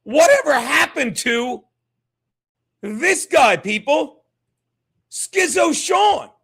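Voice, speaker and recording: A man hosts a live stream in a loud, profane rant, mocking people and repeating his points. His voice sits unusually high and sounds bright and piercing. He often rises into shouts. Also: sing-song, extremely slow, creaky. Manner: repeats himself, shouts at times. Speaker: streamer host. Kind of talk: ranting live stream commentary.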